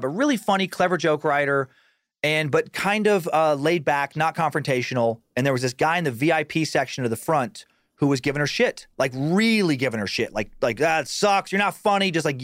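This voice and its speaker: A man's voice: fairly high pitch, animated, fairly quick, a bit bright, no echo, studio quality. A man, a comedian, telling a profane road story in casual podcast chat with lots of restarts and swearing.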